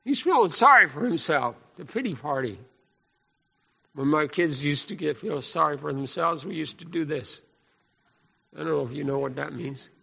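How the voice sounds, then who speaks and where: A man preaching a sermon in an animated, folksy, repetitive way. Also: a little high, moderate pace, creaky, breathy edge. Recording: echoey hall, muffled lo-fi.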